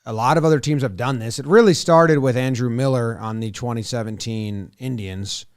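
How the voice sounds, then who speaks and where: A man co-hosting a casual sports podcast. He rambles loosely and swears here and there, in a middle-pitched voice recorded close and dry with no room sound. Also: normal speed, smooth, no echo. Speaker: podcast co-host.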